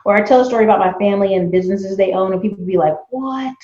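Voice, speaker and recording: Woman guest, animated storyteller, casual chat; room echo, a bit muffled. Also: mid-range voice, very fast. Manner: animated storyteller, acts out quoted voices. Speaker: guest, YouTuber and entrepreneur.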